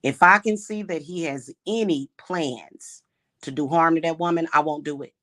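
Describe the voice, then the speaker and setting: A woman's voice: low voice, moderate pace, a bit bright. A woman who practices witchcraft and hosts her own channel, talking in an emphatic, indignant unscripted monologue full of restarts and repeated words.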